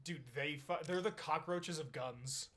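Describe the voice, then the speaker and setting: A man's voice: a little high, a little slow, fairly bright tone. A young man chatting casually while streaming a game, joking, teasing and telling a rambling joke. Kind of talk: casual chat while gaming.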